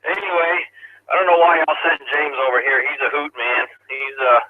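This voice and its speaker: A man's voice: on the high side, unhurried, long pauses. A man checking in to an amateur radio net, chatting in a rambling, amused way. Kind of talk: casual chat over the radio. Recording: tinny two-way radio audio.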